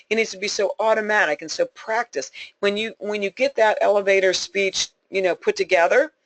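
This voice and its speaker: In a dry recording, a woman with a mid-range voice rallies her sales team during a conference call. Her motivational talk is folksy and emphatic, with points repeated for emphasis and plenty of laughter.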